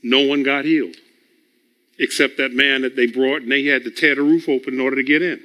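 Bright-voiced man preaching with chuckles. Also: mid-range voice, fairly even intonation, a little fast. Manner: chuckles often, repeats words as he builds a point; storytelling, teaching tone. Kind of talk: conversational sermon.

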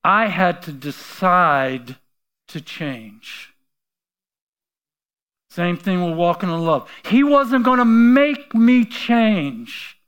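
A middle-aged man preaches from the pulpit, telling his story in a slightly high voice. He acts out the voices he quotes and swings between hushed asides and loud, forceful bursts. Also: expressive, very slow, smooth. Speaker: pastor. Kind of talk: sermon.

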